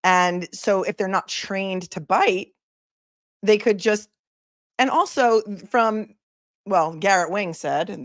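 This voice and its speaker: A woman attorney hosting a casual legal talk livestream, talking in an animated, emphatic way and stressing her points in lists. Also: lowish voice, no echo, clean studio sound. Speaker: attorney and show host.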